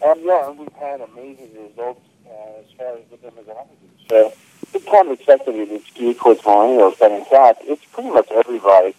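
A man, a museum curator explaining things in a relaxed, friendly way on a phone interview. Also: mid-range voice, brisk, low-quality recording. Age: 50s.

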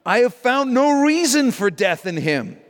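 A man voicing an exasperated, uneasy Roman governor, his questions pitched up and indignant. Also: sing-song, measured pace, long reverb tail, full character voice.

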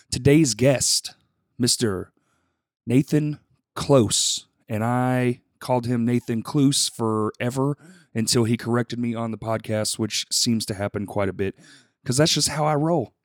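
A male podcast host with a middle-pitched voice, tossing off a casual, profanity-laced sponsor read and guest intro. He clears his throat between lines and jokes about it. The sound is dry and close, with no room around it. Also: dry recording. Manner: loose, profane, self-deprecating banter.

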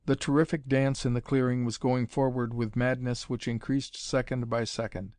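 A man reading an adventure story aloud as narrator, in a measured, dramatic manner. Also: mid-range voice, level tone, a little mellow, no room sound, studio quality. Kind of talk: audiobook reading of pulp adventure fiction.

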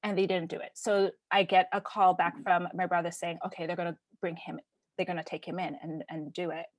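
A woman in her thirties from Canada, telling a personal story in casual conversation, animated and emphatic with frequent fillers. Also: lowish voice, a little fast, dry recording.

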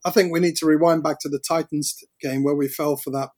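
A man's voice: on the high side, steady tone, fast talker, darkish tone, no echo. A man with a British accent, co-hosting a casual sports podcast, blunt and opinionated. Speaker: podcast co-host.

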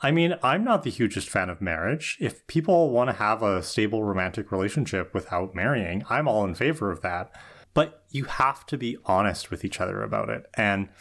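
A man's voice: lowish voice, expressive, a little fast, a bit bright. A man co-hosting a podcast, thinking aloud in casual chat about an episode. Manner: thoughtful, reasons things through with qualifiers. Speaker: podcast co-host.

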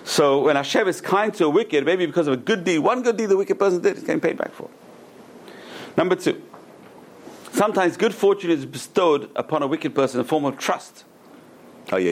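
A middle-aged man teaching a Torah lecture as a rabbi, an animated storyteller who repeats words for emphasis and drops in Hebrew terms. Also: fairly high pitch, brisk, slight background noise. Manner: peppers speech with Hebrew terms.

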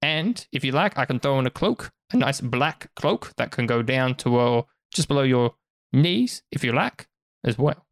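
A man's voice: medium pitch, lively intonation, normal speed, no room sound, studio quality, lightly acted. A man voicing an eager male clothing merchant with pushy sales patter. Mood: persuasive.

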